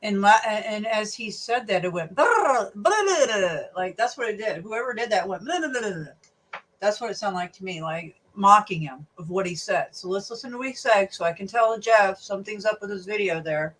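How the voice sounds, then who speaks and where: A woman reacting to a video, excitable and incredulous, talking straight to her viewers. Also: mid-range voice, brisk, few pauses, distant mic. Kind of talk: reaction commentary.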